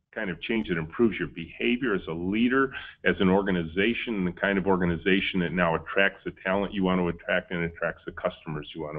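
A man, a company founder, giving a storytelling webinar talk and acting out the dialogue in his stories. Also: low voice. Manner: lively storyteller, acts out quoted dialogue. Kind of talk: storytelling keynote. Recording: tinny phone-like webinar audio.

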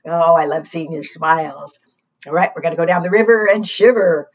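A woman's voice: low-pitched, steady tone, normal speed, husky, highs cut off. A woman librarian singing and leading a children's action song, cheerful and encouraging as she talks to small children.

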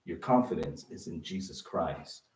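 A man's voice: low-pitched, animated, normal speed, darkish tone, recorded from a distance, slight background noise. A male pastor giving a conversational sermon in a church, acting out the voices he quotes. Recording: echoey room, voice off-mic.

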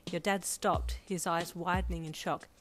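A woman narrating audio fanfiction in a calm, even storytelling manner. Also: lowish voice, normal speed. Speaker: fanfiction reader. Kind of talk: scripted narration. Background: faint lo-fi music.

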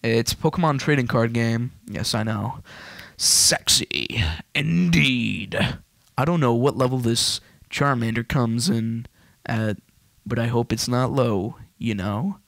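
A man rambling fast and wired with energy while commentating a video game. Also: medium pitch, vocal fry, fairly bright tone, no room sound. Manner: rapid, hyper, rambling. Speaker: let's play gamer.

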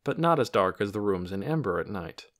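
A man narrating an audiobook chapter in an expressive storytelling manner. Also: brisk. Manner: expressive storytelling with lively pitch. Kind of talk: scripted narration.

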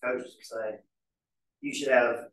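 A pastor teaching a marriage class in a casual, folksy way with homespun examples. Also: male voice, mid-range voice, fairly even intonation, slow pace, fairly bright tone, a little hiss or hum. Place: church hall. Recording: very echoey church room, mic far off.

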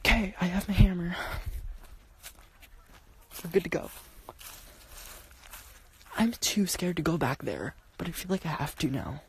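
A young woman streams live from her phone as she creeps around her house and yard after dark. She talks casually and jumpily, full of "like" and quick swears, and often sinks to a hushed whisper. Faint background noise and clicks sit under her voice. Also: on the low side, animated. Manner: jumpy, swearing, lots of "like" and "oh my god". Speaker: livestreamer.

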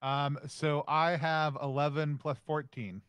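A man's voice: on the high side, little pitch movement, a little slow, fairly bright tone, clear, resonant tone, dry recording. Hesitant male tabletop player. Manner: hesitant, restarts his sentences. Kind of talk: casual tabletop game play.

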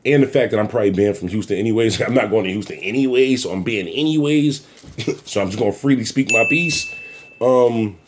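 A man hosting his own commentary show, talking bluntly and profanely in a rambling, animated way. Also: fairly low pitch, a little fast, slight background noise. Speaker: YouTube commentary host. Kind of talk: casual commentary rant.

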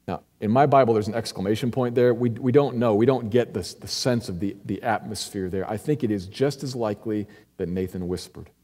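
An earnest male pastor preaching in a church, his mellow, dark voice ringing with a long hall reverb. He drops to near-whispers and then climbs to emphatic peaks as he lays out the text. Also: lowish voice, a little fast, hardly any pauses. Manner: earnest, swings from hushed to emphatic. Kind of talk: expository sermon. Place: church sanctuary.

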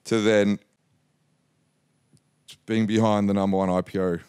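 A man around forty, a guest in an interview, telling a lively story and acting out what others said. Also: on the low side, measured pace. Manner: lively anecdotal storytelling, acts out quotes. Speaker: interview guest, mining investor.

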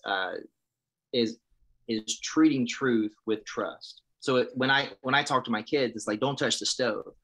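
A man's voice: medium pitch, fairly bright tone. A man in his thirties, a pastor, sharing his testimony in an interview, speaking earnestly and with passion, often restarting his sentences. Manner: earnest, impassioned, preacherly, with frequent restarts. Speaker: pastor and guest.

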